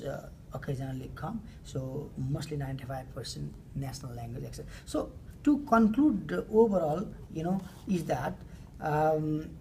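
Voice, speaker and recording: A woman giving a class presentation of survey results, talking hesitantly with frequent fillers and pauses. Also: sits low, creaky, mellow, slight background noise. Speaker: student presenter.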